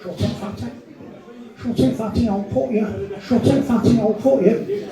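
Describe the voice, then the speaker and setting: A comedian voicing a rowdy young male student who yells in a high, strained voice, in an echoey club. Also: normal speed. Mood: taunting. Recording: echoey room, far from mic.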